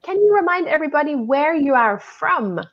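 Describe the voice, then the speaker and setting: A woman's voice: high-pitched, big pitch swings, brisk. Kiwi woman, live-lesson co-host, inquisitive and guiding; muffled lo-fi call audio. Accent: New Zealand. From New Zealand. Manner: curious, asks many questions, gently guiding. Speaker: English teacher co-hosting a livestream. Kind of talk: friendly live online lesson chat.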